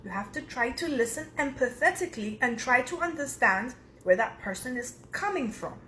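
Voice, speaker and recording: A woman from Cyprus speaking as a personal development speaker, giving advice in a calm, measured, instructive monologue. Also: high-pitched, slight background noise. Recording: roomy echo.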